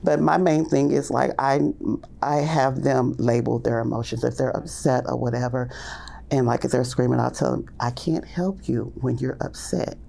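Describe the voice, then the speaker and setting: A woman early childhood teacher telling classroom stories in a casual podcast interview, loosely and with many fillers, acting out the little exchanges in hushed or lifted voices. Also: fairly even intonation, normal speed, gravelly. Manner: acts out classroom talk in hushed and high voices.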